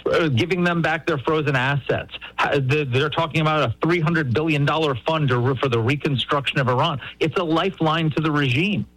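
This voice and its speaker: A man's voice: on the high side, a bit bright, no echo, rough recording. A man talking politics as a guest, emphatic, often repeating words as he starts a sentence. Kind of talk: animated political talk.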